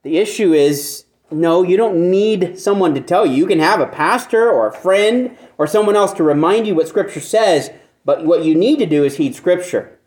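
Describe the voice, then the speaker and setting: A man's voice: sits high, expressive, moderate pace, darkish tone. A man preaching a conversational sermon who keeps asking his listeners rhetorical questions and repeats phrases for emphasis. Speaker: pastor.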